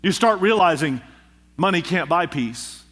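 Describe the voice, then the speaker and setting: A pastor preaching a sermon, with emphatic delivery and rhythmic repetition. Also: male voice, on the high side, animated, unhurried, a bit bright. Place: church.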